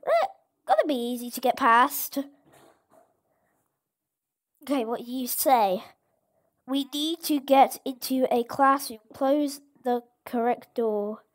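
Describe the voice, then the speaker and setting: A woman host giving casual gameplay commentary, excitable and exclaiming at each surprise. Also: high-pitched, slow pace, long pauses. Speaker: gaming channel host.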